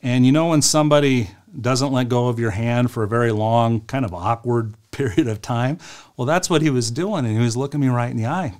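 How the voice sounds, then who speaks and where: A man's voice: medium pitch, a little fast, a little mellow. A man, a financial advisor, presenting a webinar in a casual, story-driven way, with rhetorical questions and frequent fillers. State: choked up at moments.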